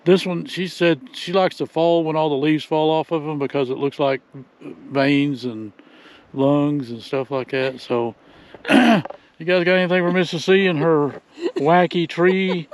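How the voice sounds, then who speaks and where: Out on a windy trail, an older man vlogs in a relaxed, folksy style, chuckling and throwing in "y'all" as he chats. His voice is a little high with fairly even intonation, and he keeps a measured pace.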